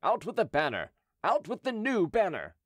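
A man's voice: medium pitch, huge pitch swings, unhurried, fairly bright tone, no echo, clean studio sound, full character voice. A man voicing a brave king who trembles yet charges into battle, crying out commands and oaths. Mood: commanding. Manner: cries out commands, swears oaths. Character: king Henry of Navarre, brave but trembling.

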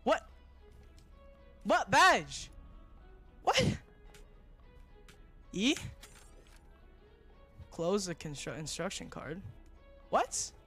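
A young man streaming a horror game, jumpy and excitable, who repeats himself in slangy bursts and drops to a whisper when tense. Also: high-pitched, extremely slow, long pauses, breathy edge, faint music behind. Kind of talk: live gaming commentary.

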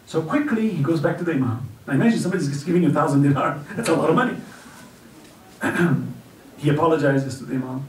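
A man giving an earnest storytelling religious lecture at a community celebration, dropping low and soft whenever he quotes someone. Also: fast. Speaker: guest speaker at a religious celebration. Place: community center hall at an event. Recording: echoey hall picked up from far off.

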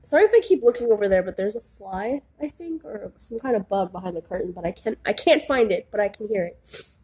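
A young woman vlogging with a stuffy, nasal sound from a cold. Her voice is mellow and a little husky, and she rambles through a casual update with plenty of ums and likes. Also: mid-range voice, expressive, brisk. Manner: rambling, lots of ums and likes, laughs easily. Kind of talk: casual chat.

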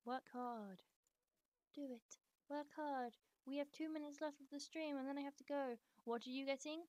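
Streamer: woman, high bright voice, chatty and sweary, dry close sound. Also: normal speed, dry recording. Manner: chatty, swears, talks to her game characters; excitable bursts of squealing. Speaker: live streamer. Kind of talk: casual gameplay commentary.

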